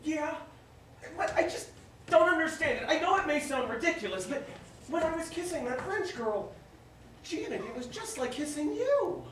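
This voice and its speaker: A woman's voice: sits high, very animated, moderate pace, fairly bright tone, slight background noise. A woman playing an earnest, lovestruck young bridegroom, pleading and flustered. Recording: echoey distant stage recording.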